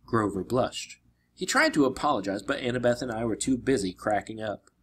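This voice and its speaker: A man reading a children's adventure novel aloud, narrating expressively with dramatic slowdowns. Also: medium pitch, slightly rough. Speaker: reader. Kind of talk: storybook read-aloud.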